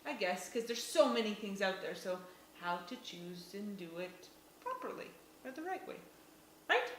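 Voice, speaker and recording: A woman's voice: medium pitch, very animated, moderate pace, roomy sound, a little hiss or hum. A woman co-hosting a casual morning talk show, giggling often and playful. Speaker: co-host. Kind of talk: casual chat.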